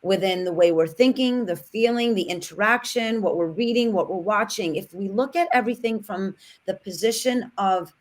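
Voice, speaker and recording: A woman's voice: medium pitch, normal speed, few pauses. A woman on a casual podcast, speaking reflectively and building her points in long flowing lists.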